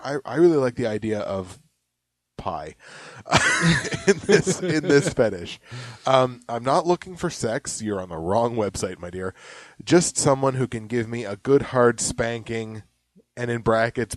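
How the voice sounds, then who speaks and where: A young man co-hosting a comedy podcast, joking around and reading ads aloud with mock yelling. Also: mid-range voice, expressive, unhurried, no room sound. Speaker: podcast co-host. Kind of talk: casual comedic chat.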